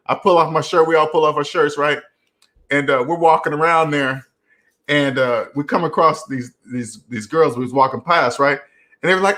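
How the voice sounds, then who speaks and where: Chatty man telling stories, higher voice. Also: a little fast, a bit bright. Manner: rambling, repeats "right?" often; chuckles while telling stories. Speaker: host. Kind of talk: casual live Q&A storytelling.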